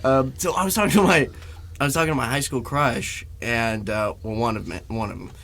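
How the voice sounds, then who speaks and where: A man in his twenties co-hosting a comedy podcast, telling stories in a casual, animated way, laughing often. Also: mid-range voice, brisk. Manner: animated, laughs a lot, acts out other people in loud voices. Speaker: podcast co-host.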